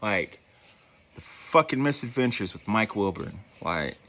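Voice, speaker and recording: A man's voice: lowish voice, lively intonation, measured pace, sharp tone. A man telling a rambling, profane story in a casual storytelling style, with lots of fillers. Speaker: podcast host.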